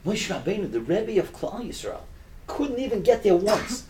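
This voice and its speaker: Older man, sermon, lively rising and falling voice, fairly high pitch, hushed then fervent. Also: moderate pace, background noise. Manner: animated, swings from hushed to loud and impassioned. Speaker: preacher. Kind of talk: sermon with storytelling.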